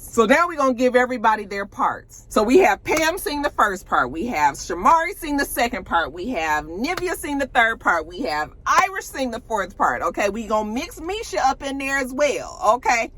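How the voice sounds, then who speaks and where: A woman casually recapping a reality show episode, acting out quotes with swearing and laughter. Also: a little high. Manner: animated storytelling, acting out quotes, cursing, laughing.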